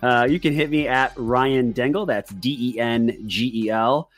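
A man hosting a casual sports podcast, upbeat and chatty with quick asides. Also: medium pitch, soft background music. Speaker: podcast host.

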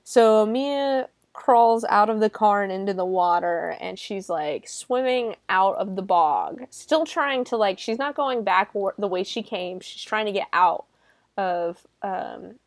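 A woman's voice: medium pitch, expressive, a little slow, dry recording. A woman hosting a podcast, talking casually and animatedly, full of sarcasm, swearing and "like" fillers. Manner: lots of "like" fillers. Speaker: podcast host reviewing a film. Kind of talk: casual chat.

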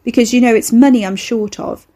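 A woman's voice: on the high side, steady tone, brisk, dark tone, slightly rough, pitched above the performer's own voice. A woman voicing a frazzled, bruised young woman who talks in an incredulous, exasperated way.

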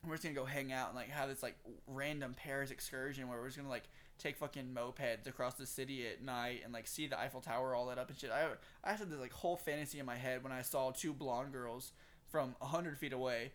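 A man's voice: medium pitch, fairly even intonation, fast, a bit bright. A young man from Texas with a Southern accent, telling a rambling story in casual chat, full of swearing and "like.". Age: young adult. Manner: rambling, heavy swearing, lots of "like".

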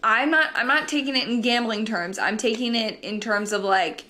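A young woman co-hosting a casual sports podcast, talking chattily with quick asides and easy laughs. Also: a little high, sharp tone. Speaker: podcast co-host.

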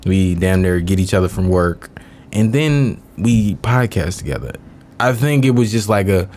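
A man's voice: sits low, lively intonation, normal speed, a little mellow, a little hiss or hum. A young man co-hosting a podcast in casual, profane, joking banter. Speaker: podcast co-host.

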